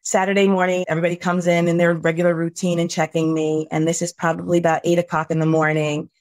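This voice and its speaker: A woman's voice: on the low side, flat delivery, fast talker, a little mellow, no room sound. A middle-aged woman telling a personal story as a podcast guest, earnest and emotional.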